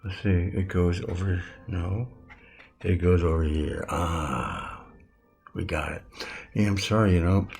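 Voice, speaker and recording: Gravelly old man teaching rambling. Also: low voice, a little mellow. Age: 70s. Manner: halting, rambling, self-correcting. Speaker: self-styled metaphysics teacher. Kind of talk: casual rambling spiritual lesson.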